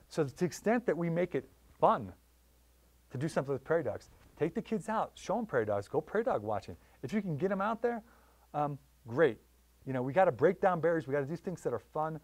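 A man giving a public lecture on wildlife conservation in a library, telling stories with lively voiced quotes. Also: fairly high pitch, quick pace, dry recording. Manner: animated storytelling with voiced quotes.

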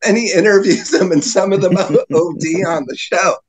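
Poor audio captures a podcast guest whose voice sits high and moves at an ordinary pace. He spins lengthy, meandering anecdotes in a relaxed chat, peppered with fillers and frequent laughter.

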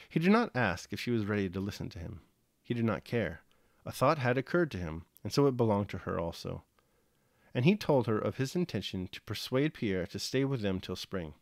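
A man with a fairly low voice reads a classic novel aloud in calm, measured narration. The recording is close and dry, with no room echo. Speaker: audiobook reader. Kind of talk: scripted literary narration.

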